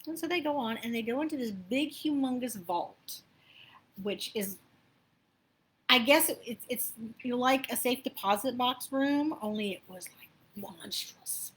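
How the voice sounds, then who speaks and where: A woman abundance coach giving a motivational spiritual talk, chatty and animated, telling stories with asides. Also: fairly high pitch, normal speed.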